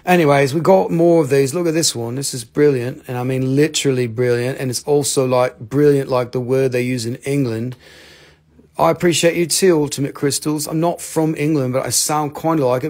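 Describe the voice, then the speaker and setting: A man's voice: mid-range voice, a little fast, darkish tone. A man from North Carolina hosting a live crystal sale, joking and rambling as he shows each piece. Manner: jokey, rambling, self-mocking. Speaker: host of a live crystal sales stream. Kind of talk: casual live sales chat.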